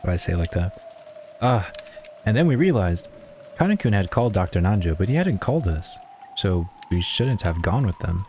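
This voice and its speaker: A man's voice: sits low, big pitch swings, moderate pace, a little mellow, slight background noise. A man streaming, reading a visual novel's narration aloud with musing asides.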